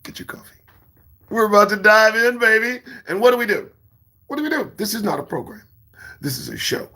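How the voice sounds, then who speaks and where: A man hosting his own morning show, talking in a profane, preachy monologue that swings between shouts and whispers. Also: sits high. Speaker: show host.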